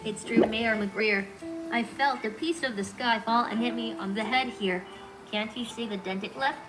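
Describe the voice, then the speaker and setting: A woman's synthetic voice playing a small, anxious male robot in a storybook tale, soft and apologetic. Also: on the high side, normal speed, music in the background, natural voice, low-quality recording. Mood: worried.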